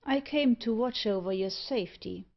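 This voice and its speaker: A woman's voice: a little high, moderate pace, gravelly, muffled recording. A woman reading the part of a sinister, demonic man in a black cloak, speaking in a cold, peremptory, scornful way. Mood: commanding.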